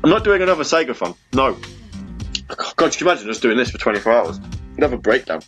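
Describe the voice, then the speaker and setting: A man's voice: medium pitch, sing-song, quick pace, a bit bright, soft background music. A man hosting a casual fan radio show, rambling and interrupting himself, from England. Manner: rambling, self-interrupting, puts on voices. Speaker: podcast host.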